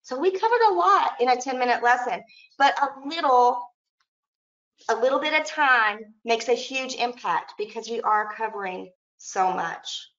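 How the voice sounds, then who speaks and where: A woman's voice: fairly high pitch, animated, normal speed, a bit bright. A woman presenting a teacher training lesson, modeling classroom prompts in an upbeat way. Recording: echoey room, dull lo-fi audio.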